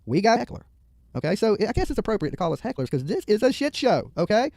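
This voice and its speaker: Guy streaming from a studio, rattles off crude heckling super fast, slightly high voice, dry sound. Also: sing-song, vocal fry, a little mellow, no room sound. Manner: mocking, heckling, rambling storytelling. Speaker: streamer commentating on a video. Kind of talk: profane live commentary.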